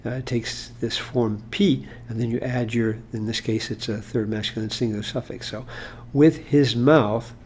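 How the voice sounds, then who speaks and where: A man's voice: on the low side, flat delivery, moderate pace, hardly any pauses, darkish tone, slight background noise. A man explaining Hebrew grammar in an informal lesson, talking it through with fillers and restarts. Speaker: Hebrew teacher.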